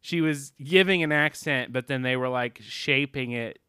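A man co-hosting a casual podcast, his voice smooth and resonant. He rambles, trails off, swears offhandedly and laughs in the middle of his sentences. The sound is dry and close to the mic. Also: mid-range voice, normal speed, sharp tone, dry recording. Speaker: podcast co-host. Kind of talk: casual chat.

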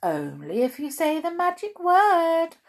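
A woman's voice: very high voice, huge pitch swings, unhurried, voice pushed up, full character voice. A woman voicing a stern but kindly male wizard in a storybook, patient and knowing.

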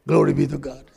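A man's voice: medium pitch, vocal fry, dark tone, breathy edge. A male pastor, giving an emphatic sermon and quoting scripture. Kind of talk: sermon with testimony.

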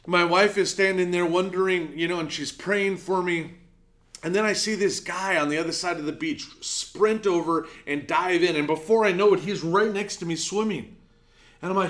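A middle-aged man preaches a sermon as pastor. He tells a personal story and acts out the quoted lines. His voice sits a little higher than most men's. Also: normal speed, a bit bright.

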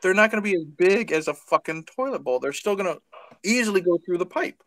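A man's voice: high-pitched, animated, quick pace, fairly bright tone. A man co-hosting a podcast, chiming in with wry, joking comments in casual chat. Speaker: podcast co-host.

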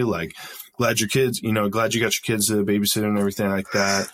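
A man telling a work story in a casual podcast chat, lively and profane, acting out the dialogue. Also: fairly low pitch, very fast, a little hiss or hum.

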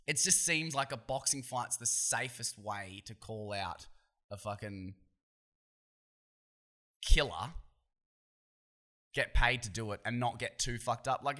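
Here an Australian man hosts a solo podcast, holding forth with loose, opinionated, swear-filled talk that keeps circling back and restarting. His mid-range voice is bright, forceful and tense-edged, expressive yet measured in pace, with long pauses.

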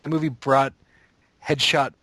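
A man's voice: medium pitch, level tone, unhurried, sharp tone, dry recording. A man with a middling voice co-hosting a podcast, riffing on movie scenes in a loose, jokey, rambling way. His recording is dry and close, with no room sound. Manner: rambling, jokey, fillers like "you know". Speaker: podcast co-host. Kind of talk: casual movie chat.

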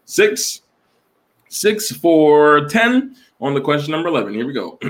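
Guy hosting a word quiz, reads the questions slow and drawn out, teasing, voice bounces all over. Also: a little high, very animated, fairly bright tone. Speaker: quiz host. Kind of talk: casual web quiz show banter.

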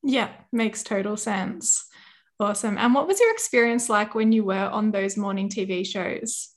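A woman hosts a relaxed interview in a mid-range voice. She keeps things moving with short, encouraging affirmations between her questions. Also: mid-range voice, normal speed. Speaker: podcast host. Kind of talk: casual interview chat.

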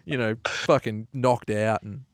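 A man, chatting about films as an animated storyteller. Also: fairly low pitch, measured pace, background noise. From Australia. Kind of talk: casual film discussion.

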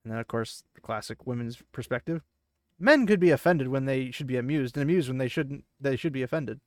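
A man's voice: medium pitch, fairly quick, a little mellow, dry recording, studio quality. A man hosting a podcast, casually retelling a book chapter with chatty asides. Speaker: podcast host.

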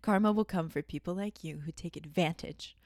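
A woman's voice: lowish voice, brisk, a little mellow, no echo, clean studio sound. A woman podcast host telling a story in casual chat, laughing often and acting out the texts she quotes.

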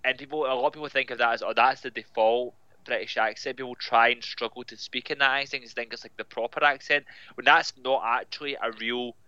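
Brief: Scottish male guest, bright and crisp tone, slightly muffled lo-fi sound, chatty with many fillers. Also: medium pitch, steady tone, fast, hardly any pauses, dry recording. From Scotland. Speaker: comic book writer, guest. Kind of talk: casual podcast interview.

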